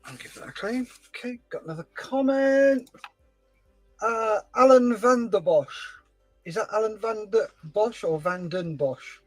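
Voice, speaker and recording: A man hosting a scale-modelling livestream, chatting casually and telling stories with animated voices. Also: sits high, a little slow, soft background music, low-quality recording. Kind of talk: casual chat while building a model.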